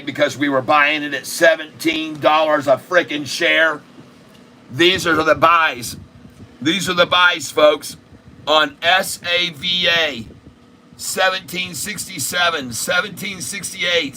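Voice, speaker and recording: Male stream host, bright voice, slow drawn-out delivery, excitable and repetitive, faint hum behind. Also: fairly high pitch. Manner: excitable, repetitive, crude jokes, loud outbursts. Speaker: day-trading livestream host. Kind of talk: casual live stock-trading stream.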